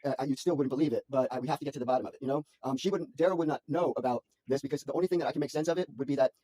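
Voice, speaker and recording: A man's voice: mid-range voice, dark tone. Sped-up rambling man on a phone call. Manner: halting, repeats words, restarts sentences; anxious, frantic storytelling. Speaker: son on a phone call to his mother.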